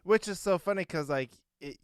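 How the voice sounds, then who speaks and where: A man's voice: high voice, normal speed, a little hiss or hum. A man co-hosting a podcast in casual chat, rambling with frequent fillers and chuckles. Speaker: podcast co-host.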